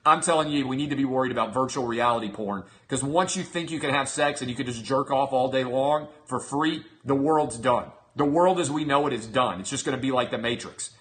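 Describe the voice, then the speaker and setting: A man's voice: mid-range voice, fairly bright tone. A middle-aged man hosting a show, delivering a mocking, incredulous comedic rant to his audience. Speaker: show host. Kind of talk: comedic monologue.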